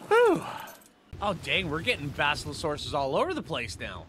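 A man giving casual commentary over his own gameplay, excitable and joking at himself, chatting to the creatures he meets. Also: on the high side, a little fast, slight background noise. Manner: excitable, talks to the creatures, self-mocking asides. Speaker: gaming video host.

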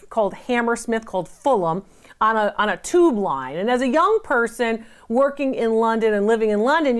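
Middle-aged woman from the US, antiques appraiser, fairly high voice, emphatic and chatty, wanders into stories. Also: smooth. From United States. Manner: emphatic, chatty, digressive with anecdotes. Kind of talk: appraisal tips to camera.

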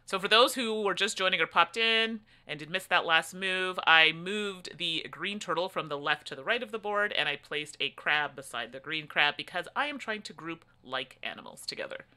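A woman's voice: on the low side, lively intonation, moderate pace, few pauses, pushed and bright. A woman co-hosting a casual board game stream, chatty and giggly, talking through her turns. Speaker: co-host. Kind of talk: casual chat during online board game.

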